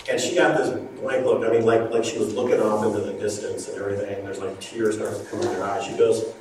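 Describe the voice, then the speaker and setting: A man's voice: on the low side, brisk. A man preaching a sermon, earnestly pleading and acting out conversations in a story. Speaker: pastor. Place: church hall. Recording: echoey hall, distant mic, noisy ambience.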